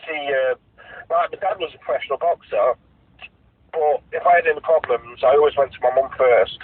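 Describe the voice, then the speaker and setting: A man with a husky, slightly high voice rambles through a casual podcast chat, stammering and restarting as he goes. He comes through a dry, tinny phone line. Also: fairly quick, no echo. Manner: rambling, stammering, laughs easily. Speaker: podcast co-host. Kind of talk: casual chat over a call. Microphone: phone call.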